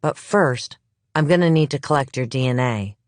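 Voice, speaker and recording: A narrator voicing a calm, cold woman police detective who speaks in a low, firm, controlled way. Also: moderate pace, dry recording, natural voice.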